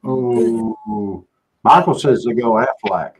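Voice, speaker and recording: A man hosts a casual chat. He talks in an easygoing, folksy drawl and jokes around at a middle pitch. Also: slow pace, husky, poor audio. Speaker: show host.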